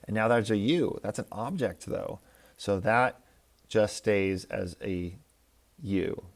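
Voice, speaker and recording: Male teacher, fairly low voice, patient explainer walking students through examples. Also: slow. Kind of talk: recorded classroom lecture.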